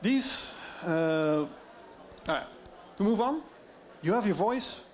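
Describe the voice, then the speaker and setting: A man with a Dutch accent giving a conference talk on deepfakes, explaining in a lively way with many fillers. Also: slow. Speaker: speaker on AI deepfakes.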